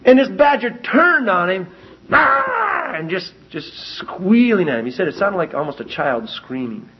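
A man preaching a sermon, telling stories with lively animation and repeating lines for emphasis. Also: high voice, moderate pace, breathy edge. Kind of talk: sermon with personal storytelling. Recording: dull lo-fi recording.

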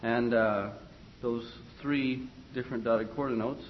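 A man leads a music class in a classroom, his voice of middling pitch. He explains phrasing in short, broken phrases and turns to his students often. The recording is dull and lo-fi, with a faint hiss underneath. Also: fairly even intonation, unhurried. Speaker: choir or music teacher. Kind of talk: classroom instruction.

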